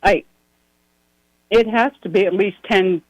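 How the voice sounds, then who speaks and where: A woman's voice: mid-range voice, unhurried, dry recording, rough recording. Brief: woman caller, worried and pleading, dry close sound. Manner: upset, pleading, run-on telling. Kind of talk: phone call to a radio show.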